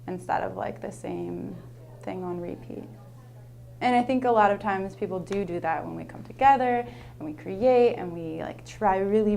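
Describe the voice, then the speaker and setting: A young woman talks about her work as a teacher in a loose, rambling way, with "like" in nearly every sentence. She sounds earnest and searching, and her voice sits at an ordinary middle pitch. A faint hum runs under the recording. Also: vocal fry, darkish tone. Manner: rambling, heavy use of "like", earnest. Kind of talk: casual personal storytelling.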